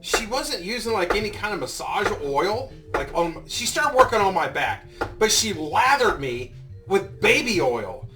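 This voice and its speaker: Brief: man, 50s, vlogger, profane heated storyteller, animated delivery. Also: high-pitched, measured pace, recorded from a distance, over music. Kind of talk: casual storytelling.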